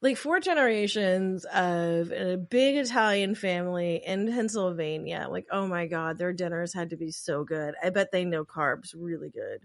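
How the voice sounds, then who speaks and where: A woman's voice: fairly low pitch, moderate pace, creaky, few pauses. A woman co-hosting a podcast in casual chat about a TV episode, rambling with lots of "like" and playful tangents. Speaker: podcast co-host.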